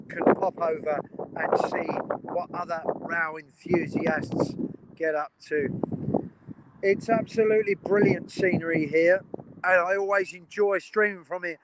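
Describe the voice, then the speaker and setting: A man's voice: sits high, heavy background noise. A man streaming live from beside a railway line outdoors, chatting enthusiastically with his viewers. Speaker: train spotting live streamer. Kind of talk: casual live-stream commentary.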